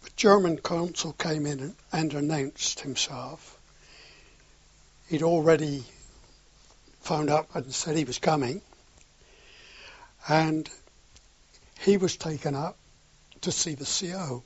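A man's voice: a little high, takes it slowly, long pauses, breathy edge, no room sound. An older man telling a wartime anecdote in an oral history interview, acting out the dialogue with a chuckle now and then. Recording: dull lo-fi recording.

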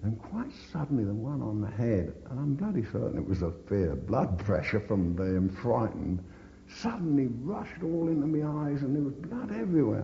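A man's voice: lowish voice, very animated, normal speed, gravelly, warm tone, a little hiss or hum. An older man recounting his wartime experiences in an oral history interview, blunt and swearing constantly as he tells the story. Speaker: veteran interviewee. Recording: dull echoey recording in reverberant room.

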